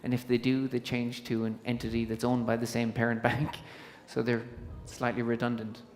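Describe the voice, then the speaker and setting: A man's voice: medium pitch, completely flat delivery, normal speed. A man moderating a conference panel in a casual, chatty way. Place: conference stage in a large hall. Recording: long hall reverb from a PA.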